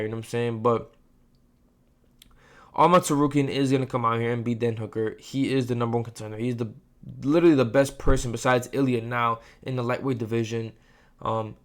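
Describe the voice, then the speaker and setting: A man runs through his fight picks in a loose, slangy ramble, tossing in "bro" every few lines. His voice sits at an ordinary middle pitch, and he talks to the camera like he's chatting with friends. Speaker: host of fight prediction channel. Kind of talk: casual sports predictions talk.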